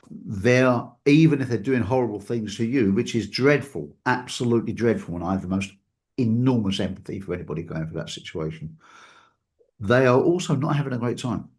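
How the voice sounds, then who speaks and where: Thoughtful man with a lowish voice. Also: a little mellow. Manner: thoughtful, hedging, repeats words for emphasis. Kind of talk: reflective casual talk.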